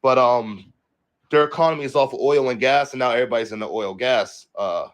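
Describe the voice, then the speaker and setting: Casual young male streamer, mid-pitched, profane and rambling, reads the news aloud and then comments on it. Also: brisk. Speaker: livestream host.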